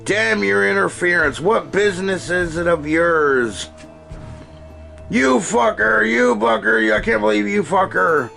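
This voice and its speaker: A man's voice: high voice, lively intonation, unhurried, creaky, pushed and bright, soft background music, exaggerated voice. A man voicing a brutish, foul-mouthed monster-man who sneers and swears at everyone. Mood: sneering.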